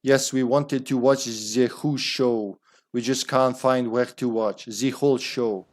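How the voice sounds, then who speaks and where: A man's voice: medium pitch, steady tone, slow pace. A man streaming a video game, chatting casually and rambling with lots of fillers and restarts. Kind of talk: casual gameplay commentary.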